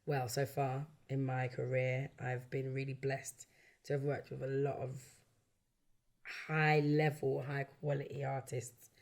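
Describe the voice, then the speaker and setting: London woman, low voice with a lot of gravel in it, chatty and animated, keeps doing little voices when she quotes people. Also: unhurried. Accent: London English. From London, England. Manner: animated storytelling, acts out quoted voices, laughs often. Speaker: guest, backing singer and songwriter. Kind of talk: casual chat.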